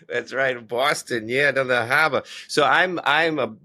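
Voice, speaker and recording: A man's voice: mid-range voice, lively intonation, slow, sharp tone. A man from Michigan hosting a podcast interview, with an upbeat, hyped delivery full of "uh" fillers. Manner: upbeat, hypey, many "uh" fillers. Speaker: podcast host.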